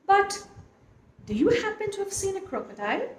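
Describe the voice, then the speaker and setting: A bright, eager little elephant calf, as a woman reads him aloud, asking his questions most politely. His voice sits high and bounces with excitement. The storybook reading has a roomy echo and faint hiss behind it. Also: moderate pace. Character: young curious polite elephant calf, male. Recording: echoey room, faint noise.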